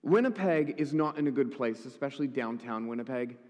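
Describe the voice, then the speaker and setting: A man's voice: mid-range voice, lively intonation, fairly quick, a little mellow. A male pastor preaching a sermon, telling a story with wry humorous asides. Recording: echoey hall.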